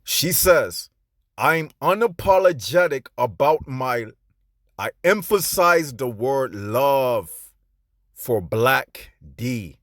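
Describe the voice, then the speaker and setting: A man hosting his own commentary channel, preaching in an emphatic, scornful way, dropping into a low drawl and then jumping up into sharp outbursts, stretching out stressed words. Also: animated, slow, no echo, studio quality. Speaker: channel host.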